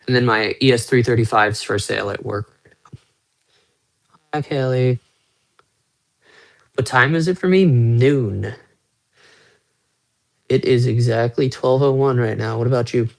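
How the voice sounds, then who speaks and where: A young man livestreams from a small room at home on a phone held close, chatting casually with viewers and rambling while showing off his guitars and watches. His mid-range voice is gravelly and unhurried, with long pauses.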